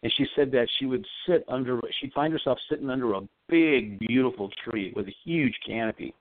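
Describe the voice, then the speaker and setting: A man speaks over a thin, dry phone line, and his voice sits at an ordinary middle pitch. He is a psychic medium telling a long story in a rambling, earnest, conversational way. The sound is close and dead, with no room around it. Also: brisk, no room sound. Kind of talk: casual storytelling on a call-in show.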